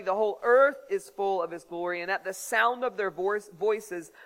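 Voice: mid-range voice, a bit bright, big-room sound, rough recording. Earnest preacher giving a sermon. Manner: earnest, reads scripture aloud with dramatic emphasis.

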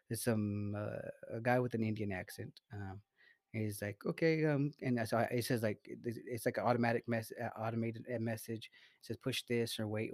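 Rambling low-voiced man on a podcast. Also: darkish tone, dry recording. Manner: rambling, halting, many restarts and swearing. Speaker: podcast co-host. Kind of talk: casual profane podcast chat.

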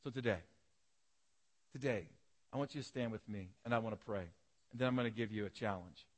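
A man's voice: on the low side, brisk. A man preaching a sermon as pastor, telling stories animatedly and acting out the voices in them.

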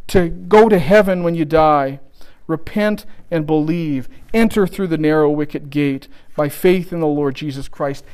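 High-voiced preacher guy, smooth clear tone, earnest and pleading. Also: darkish tone. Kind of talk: sermon.

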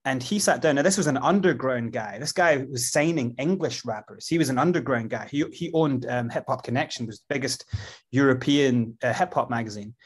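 A man's voice: mid-range voice, fairly quick, breathy edge. A man with a Scottish accent, a guest in an interview, telling his story in a rambling way with many fillers and restarts. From Scotland.

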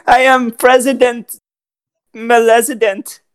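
A woman improvising a bumbling, stranded president in a comedy role-play, speaking in a hesitant, fumbling, deadpan way. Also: a little high, slow, clean tone, no echo. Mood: insistent. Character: bumbling stranded male space president, King Lucius.

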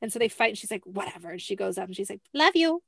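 A woman's voice: medium pitch, fairly even intonation, racing, vocal fry, a bit bright, slightly rough, no room sound. A young adult woman hosting a podcast, talking casually and acting out quotes with lots of fillers. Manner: chatty, fills with "like", acts out quotes. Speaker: podcast host. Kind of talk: casual chat.

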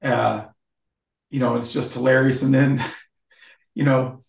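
A man's voice: mid-range voice, little pitch movement, slow, creaky. A middle-aged man guesting on a casual podcast, rambling and chuckling as he recalls scenes. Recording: roomy echo.

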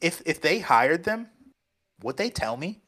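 A man's voice: a little high, sing-song, measured pace, pushed and bright, slightly rough. A man co-hosting a casual podcast chat, rambling and hedging, laughing often. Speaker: podcast co-host.

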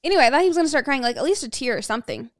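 Young woman podcast host, high voice, dry close sound, acts out what people said. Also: rapid-fire, no echo. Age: young adult. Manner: animated storytelling, acts out quotes. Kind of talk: casual chat.

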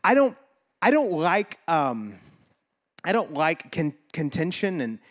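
A man's voice: fairly high pitch, very animated, takes it slowly. A man preaching a sermon as pastor, talking casually and animatedly, joking and laughing with his congregation, and acting out quoted voices.

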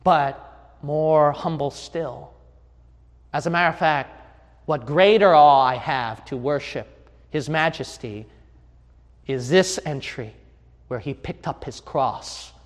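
High-voiced preaching man in a hall. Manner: preaching with rising shouted crescendos. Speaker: pastor. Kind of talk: sermon.

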